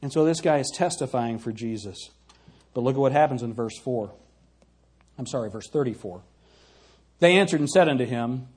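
A man's voice: medium pitch, expressive, normal speed, long pauses, a little mellow, husky. A male pastor preaching a sermon, reading King James verses aloud and retelling them in plain words, with questions to the congregation. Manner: asks the congregation questions and calls for "Amen?".

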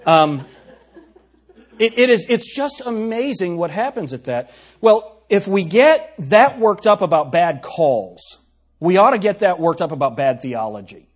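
Brief: male pastor, slightly high husky voice, chatty sermon with questions to the pews. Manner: conversational, asks the congregation questions. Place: church sanctuary.

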